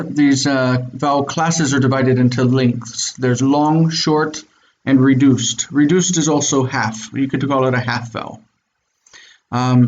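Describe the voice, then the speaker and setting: A man's voice: mid-range voice, a little mellow, dull audio. A man teaching Biblical Hebrew in an online class, explaining step by step and checking in with his students. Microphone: video call.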